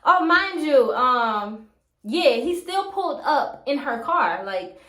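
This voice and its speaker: A young woman with a high voice tells a story in a sassy, animated way, full of profane asides. She talks casually to her viewers. The sound bounces around an echoey room. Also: slow. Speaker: storytime vlogger.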